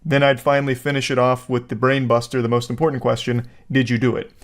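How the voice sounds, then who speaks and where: A man giving casual comedic commentary, joking in a deadpan, mock-serious way. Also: mid-range voice, fast. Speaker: online commentator.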